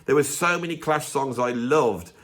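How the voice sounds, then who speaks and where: A man's voice: medium pitch, moderate pace, fairly bright tone. A man hosting a music channel, delivering a grumpy, emphatic, opinionated rant to camera in a casual way. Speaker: music video host.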